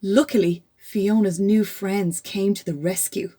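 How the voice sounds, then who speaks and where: A woman, a teacher, reading a children's storybook aloud with gasps and hushed asides. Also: medium pitch, measured pace, hardly any pauses, breathy edge. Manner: animated, with stage gasps and whispers.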